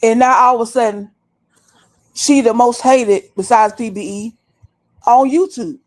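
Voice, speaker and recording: Woman streamer, high-pitched, blunt and profane, lecturing her viewers. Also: a little slow, darkish tone. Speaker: livestream host. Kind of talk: heated livestream rant. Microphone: desktop stream mic.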